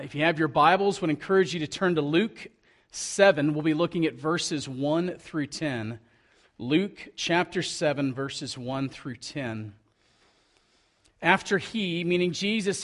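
A man preaches in an earnest, conversational way, reading scripture and leading prayer. His voice sits a little high for a man, and he slips in folksy asides as he goes. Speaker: pastor.

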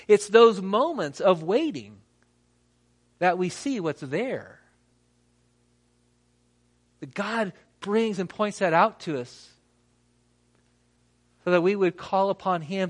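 A man with a fairly high voice preaches a sermon. He reads scripture aloud and acts out the quoted lines. He leaves dramatic pauses between phrases. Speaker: pastor.

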